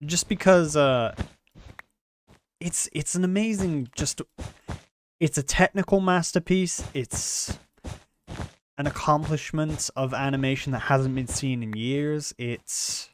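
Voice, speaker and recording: On a live stream, a man chats casually in a fairly high voice, speaking slowly with long pauses against slight background noise. He rambles, often trailing off and restarting, and says himself that he talks with many quirks.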